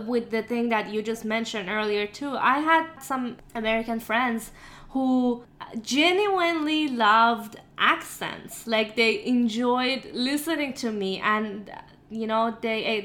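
A woman's voice: a little high, takes it slowly, fairly bright tone. A woman hosting a podcast, talking frankly and laughing easily in a casual interview. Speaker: podcast host.

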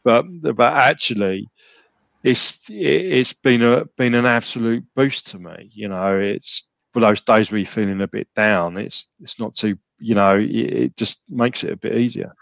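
Rambling low-voiced man. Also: a little slow, creaky, a bit bright, no echo, lo-fi sound. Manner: rambling, many restarts and fillers. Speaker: gym client and podcast guest. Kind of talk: casual podcast chat.

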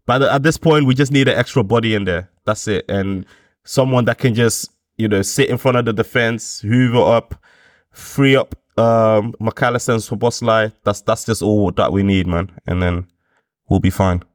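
A man's voice: lowish voice, normal speed, dry recording, clean studio sound. A man thinking aloud about football on a podcast, hesitant and full of slang like "you get me". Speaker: podcast guest pundit. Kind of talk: casual football chat.

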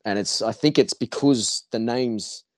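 A man's voice: mid-range voice, a little slow, darkish tone, no room sound. An Australian man with a nasal voice, rambling in casual podcast chat with lots of swearing and restarts. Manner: rambling, profane, with many restarts. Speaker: podcast guest.

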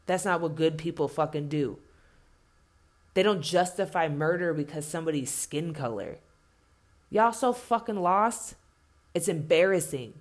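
A woman's voice: sits low, expressive, unhurried, long pauses. A woman delivering an impassioned spoken rant, blunt and heavily profane, hammering points home by repeating herself.

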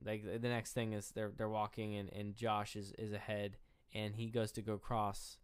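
A man's voice: on the low side, level tone, moderate pace, clean tone, dry recording. A young man co-hosting a casual film review podcast, rambling as he retells scenes with quoted lines and frequent swearing. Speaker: podcast co-host.

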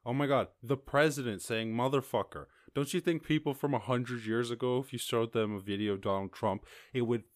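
A man's voice: mid-range voice, fairly quick, few pauses, dry recording, clean studio sound. Irish man rambling on his podcast. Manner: rambling, swears freely, laughs often. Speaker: podcast host. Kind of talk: casual solo podcast chat.

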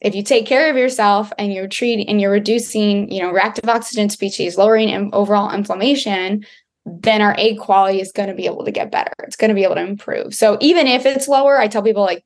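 A woman's voice: mid-range voice, fast. A woman naturopathic doctor answering interview questions in a chatty way, full of "like" fillers.

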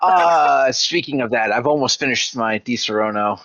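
A man's voice: medium pitch, lively intonation, moderate pace, fairly bright tone, dry recording, muffled recording. A young man co-hosting a casual podcast, joking and teasing his friends. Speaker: podcast co-host. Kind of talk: casual chat.

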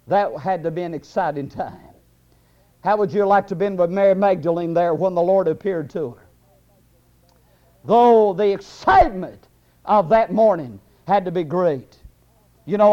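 Impassioned preacher man, high voice. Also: a little mellow. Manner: impassioned preaching with many fillers. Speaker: pastor. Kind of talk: sermon. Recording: dull lo-fi recording.

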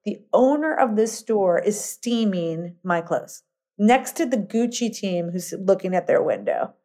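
A middle-aged woman entrepreneur telling long stories in a casual interview, rambling and animated, full of fillers and restarts. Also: mid-range voice, a little slow. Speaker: guest entrepreneur.

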